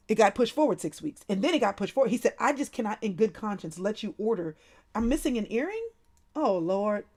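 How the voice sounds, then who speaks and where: Woman host, casual livestream chat, animated and laughing, fairly high voice. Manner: animated, laughs often, talks to viewers by name.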